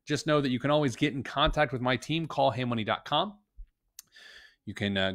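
A middle-aged man hosts a finance live stream in a relaxed, joking, conversational way. His voice sits at an everyday pitch and sounds dry and close, with no room echo. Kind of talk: casual live stream talk.

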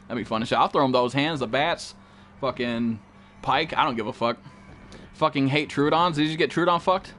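A man's voice: mid-range voice, fairly bright tone, a little hiss or hum. A man live-streaming a game, chatting casually and profanely with viewers and greeting them by name.

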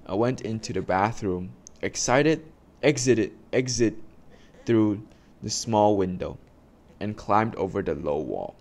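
A man reading a children's storybook aloud slowly and carefully, with small stumbles, then giving his listeners instructions. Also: on the low side, lively intonation. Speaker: reader for a class.

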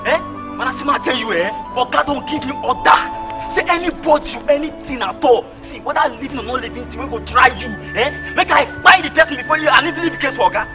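A man's voice: extremely high pitch, fast, music in the background. A Nigerian actor playing a boastful ex-militant servant who speaks Pidgin and keeps pressing his madam to tell him what is wrong. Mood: insistent. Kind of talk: film drama acting. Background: film score.

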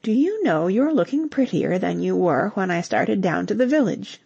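A woman's voice: mid-range voice, sing-song, normal speed, gravelly, warm tone, slightly rough, dry recording, lo-fi sound, full character voice. A woman reading the lines of a cheerful, bumbling young English husband who talks in breezy slang.

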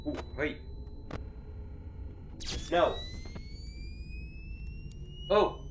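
A man's voice: fairly high pitch, wildly swooping pitch, very slow, roomy sound, slight background noise. A man playing a VR horror game as a YouTuber, jumping between nervous laughter and frightened shrieks. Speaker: gaming YouTuber.

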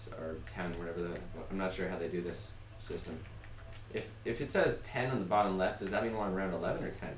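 A young man chatting casually while playing a video game with his wife, bossy and prone to sudden shouts. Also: deep voice, steady tone, quick pace, echoey room, recorded from a distance, slight background noise. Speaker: gamer. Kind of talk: casual gameplay chat.

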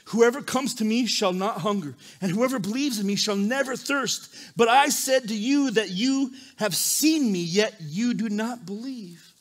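A male pastor preaching a sermon and reading scripture aloud, shifting from quiet reading to loud, animated emphasis. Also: high-pitched, normal speed. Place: church service.

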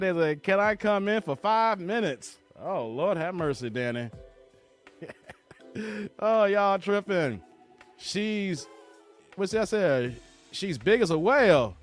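Animated laughing man hosting a live stream. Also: high voice, takes it slowly, pauses often, faint music behind. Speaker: live stream host reading chat. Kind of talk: casual live stream commentary.

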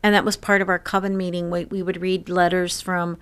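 A woman around sixty telling stories in an interview, lively and laughing often. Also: on the low side, brisk, clear, resonant tone. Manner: lively storyteller who laughs often and acts out quoted voices. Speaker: interview guest. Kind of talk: casual storytelling interview.

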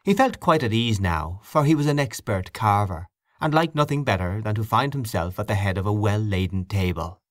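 A man reading an audiobook in a fairly low voice with lively, rising and falling intonation. His narration is measured and expressive. The recording is dry and close. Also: no echo. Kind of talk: scripted narration.

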